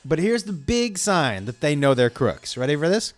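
A man's voice: a little high, big pitch swings, normal speed, soft background music. A man telling a long, angry story in a casual, profane way, acting out the people he quotes.

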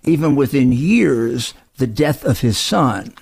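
A man co-hosting a political talk show, talking in quick, rambling runs full of restarts and asides. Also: medium pitch, animated, gravelly, a little mellow, breathy edge. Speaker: co-host.

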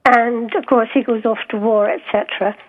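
A Scottish woman talks over a tinny phone line, her voice pitched a little high. She is an author being interviewed, and she speaks hesitantly, filling gaps with ums and going back over her own words. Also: steady tone, normal speed. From Scotland. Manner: hesitant, many ums and restarts.

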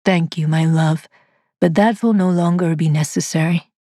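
A woman doing a soft-spoken male cyborg master. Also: low voice, fairly even intonation, no room sound, studio quality. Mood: gentle. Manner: soft, gentle, measured delivery. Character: calm, controlling male cyborg master and maker. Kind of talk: audiobook dialogue read by a narrator.

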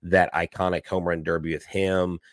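A man with a very deep voice riffs and teases his co-host on a sports podcast, in an easy, joking way. His voice sounds dry, with no room sound. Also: level tone, moderate pace, dry recording. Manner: joking, teasing banter. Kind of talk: casual sports podcast chat.

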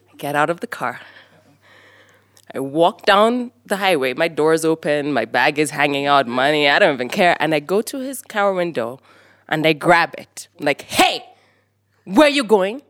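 A woman from Kenya telling a personal story on stage, lively and animated, acting out the voices of people in it. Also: low-pitched, moderate pace, no room sound, studio quality.

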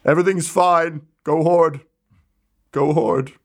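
Brief: high-pitched blustering fight announcer, put on by a man, loud hype delivery. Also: steady tone, slow pace. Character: frantic male arena fight announcer.

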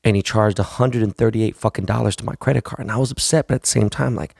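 A gravelly, low-voiced man in his thirties talks straight into a dry, close microphone. He hosts his own podcast and rambles bluntly, swearing freely as he makes his points. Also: fast talker, a little mellow, dry recording. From United States, West Coast. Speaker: podcast host. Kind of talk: casual monologue.

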